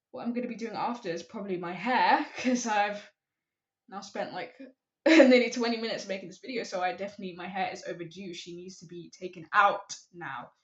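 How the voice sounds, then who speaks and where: A young woman chats to her camera, giving advice in a loose, rambling way and poking fun at herself. Her voice sits a little high. The sound is dull and lo-fi, with a roomy echo. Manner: chatty, rambling, self-deprecating. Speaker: vlogger. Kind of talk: casual talking-to-camera advice.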